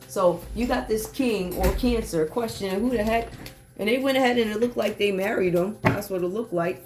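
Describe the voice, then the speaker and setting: Slangy animated woman reading tarot. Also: medium pitch, moderate pace, faint music behind. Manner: animated, slangy, acts out quoted voices. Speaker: tarot reader. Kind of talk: casual tarot reading monologue.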